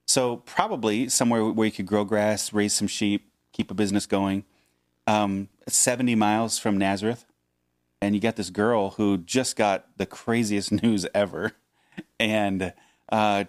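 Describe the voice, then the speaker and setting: A man co-hosting a podcast who reads Bible passages and talks them over in a measured, thoughtful way. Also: on the low side, dry recording, studio quality. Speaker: podcast co-host. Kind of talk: Bible reading and casual discussion.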